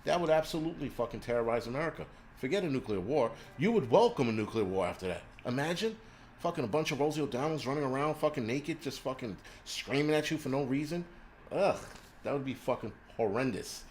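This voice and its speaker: A man's voice: medium pitch, animated, fast talker, darkish tone, slight background noise. A man hosting a livestream, ranting crudely and rambling while he answers viewers' chat. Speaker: livestream host.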